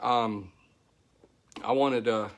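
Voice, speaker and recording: Man, Southern country accent, slightly hoarse, middle-aged, rambling folksy livestream host, mid-range pitch. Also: steady tone, very slow, fairly bright tone. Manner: rambling, folksy, thankful, greets viewers by name. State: voice still recovering, slightly hoarse. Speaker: host of a weekly tech show. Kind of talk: casual livestream chat greeting viewers.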